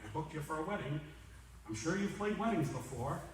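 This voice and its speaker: A flustered, middle-aged maître d' , as a man acts him out, stammers in his own defence. The voice sits a little high. It carries the boom of a large, echoing hall, picked up from a distance. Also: lively intonation, a little fast, a little hiss or hum, natural voice. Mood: defensive. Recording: echoey hall, distant mic.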